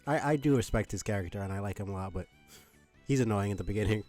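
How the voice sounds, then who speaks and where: A man's voice: lowish voice, quick pace, darkish tone, faint music behind. A man streaming a game, commenting casually and self-deprecatingly with some swearing. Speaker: let's play streamer.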